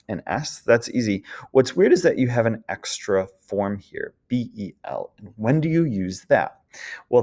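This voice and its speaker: A man's voice: on the low side, darkish tone. A man teaching French grammar in a patient, explanatory lecture, checking in often with his students. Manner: patient, explanatory, frequent "d'accord?" checks and "um" fillers.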